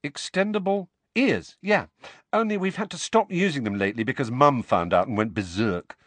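An easygoing teenage boy, voiced by a man reading a storybook, rambles on in an offhand, chatty way. The delivery is lively and close to the mic in a dry recording. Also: medium pitch, moderate pace, dry recording, voice pushed up.

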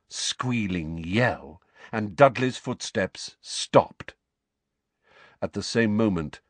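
A man's voice: deep voice, fairly bright tone, dry recording. A man narrating an audiobook, reading a tense fantasy scene dramatically. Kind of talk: scripted narration.

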